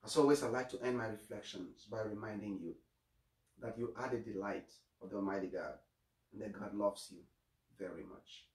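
A man's voice: on the low side, normal speed, darkish tone, distant mic. A man giving a homily as a priest, earnest, often repeating his first words and stumbling on starts. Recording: echoey room, voice away from mic.

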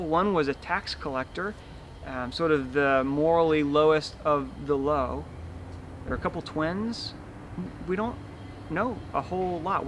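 Man, pastor, sermon, vivid storytelling, slightly high pitch, faint outdoor noise. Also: fairly bright tone. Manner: vivid storytelling, acting out the scene.

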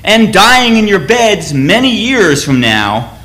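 A man's voice: a little high, animated, sharp tone. A man putting on a fierce rallying war chief. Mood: rousing. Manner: raised, slow, declamatory. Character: defiant warrior leader rallying his men, male, fierce.

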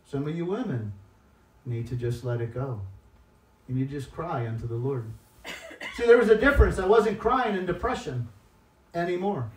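A man with a high-pitched voice preaches a sermon, dropping to soft, confessional tones and then rising into loud, emphatic appeals. He is recorded from a distance in an echoey church hall, so his voice rings around the room. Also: animated, normal speed, pauses often. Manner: swings between soft, tearful-toned confession and loud emphatic exhortation. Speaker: guest preacher.

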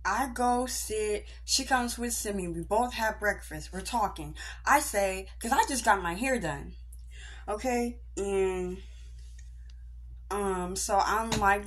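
A woman's voice: medium pitch, takes it slowly, husky. A young woman vlogger telling an indignant, slangy story in a casual rant.

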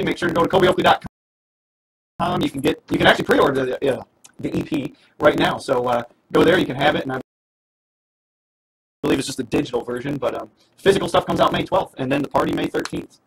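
A man's voice: medium pitch, huge pitch swings, fast talker, vocal fry, breathy edge, poor audio. A man from New York State, a country singer, chatting casually as a guest in a radio studio, grateful and laughing easily.

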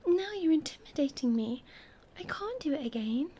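A timid little boy prince speaks high and hesitant in a breathy whisper, as a woman voices him in a whispered role-play. His voice sounds shy and curious. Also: a little slow, mellow, heavily acted.

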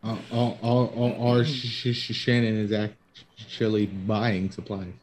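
A man's voice: lowish voice, level tone, unhurried, darkish tone, slight background noise, rough recording. A man playing a tabletop game, speaking hesitantly and stammering as he describes his character's moves. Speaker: player. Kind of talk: casual tabletop play.

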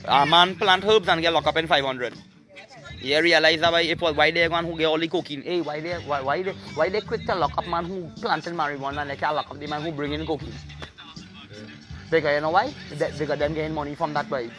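A man's voice: a little high, fairly even intonation, a little fast, over music. A man, hosting a rambling opinion monologue in a preachy, emphatic way. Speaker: show host.

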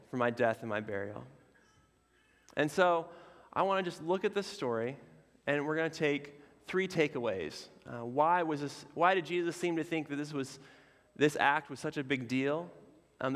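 A pastor preaches from the pulpit in a relaxed, conversational way, using fillers and friendly asides. His voice is a bit bright and slightly high for a man, and the long reverb of a church sanctuary surrounds it.

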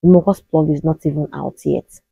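A woman's voice: deep voice, steady tone, a little fast, gravelly, dark tone, slightly rough, no room sound, rough recording. A Nigerian woman in her thirties with a Nigerian accent, telling a personal story to the camera in a casual way and acting out the voices of the people in it. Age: 30s. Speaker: vlogger.

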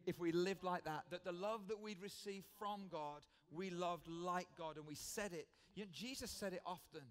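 A man's voice: sits high, normal speed. A British man preaching a sermon in church, earnest and conversational, often repeating his key phrases.

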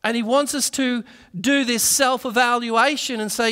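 High bright-voiced preacher. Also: male voice, steady tone, moderate pace, few pauses, clear, resonant tone. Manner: earnest storytelling, acts out voices in anecdotes. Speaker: pastor. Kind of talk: sermon. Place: church. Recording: reverberant church hall.

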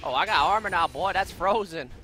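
A man streaming a video game live, commenting in a brash, profane way that swings from low muttering to sudden shouts. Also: fairly quick, soft background music.

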